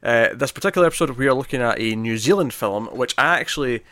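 A man's voice: mid-range voice, lively intonation, fast, a bit bright, no room sound, studio quality. A man co-hosting a casual movie review podcast, rambling and correcting himself, often laughing. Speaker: podcast co-host.

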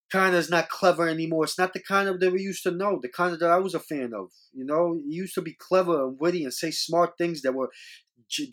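Man, higher-pitched voice, casual rambling monologue, repeats himself, earnest scolding tone. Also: a bit bright. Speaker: podcast host.

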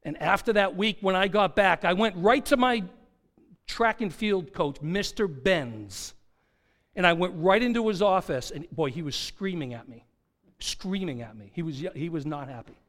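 Man preaching with loud-soft swings. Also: high-pitched, lively intonation. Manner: personal storytelling with swings from quiet to loud; repeats key phrases slowly for emphasis. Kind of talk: sermon.

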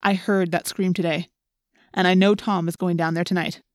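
A woman's voice: fairly low pitch, flat delivery, moderate pace, dry recording, clean studio sound, lightly acted. A woman voicing an earnest, worried teenage boy speaking in a pleading way.

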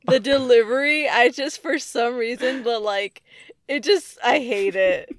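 A woman's voice: fairly high pitch, measured pace, no echo, clean studio sound. A young woman co-hosting a casual film chat, giggly and emphatic in her opinions. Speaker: podcast co-host.

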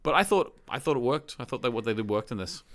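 A man co-hosting a casual movie podcast, talking with quick self-corrections and frequent laughter. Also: medium pitch, animated, fairly bright tone. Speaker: podcast co-host. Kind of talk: casual movie review chat.

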